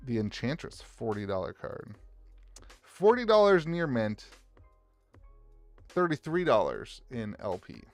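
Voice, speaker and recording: A man's voice: medium pitch, big pitch swings, measured pace, long pauses, no room sound, faint music behind. A man with an Appalachian American accent, chatting casually and rambling as he sorts trading cards on a live stream and greets viewers by name. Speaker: card shop owner streaming live.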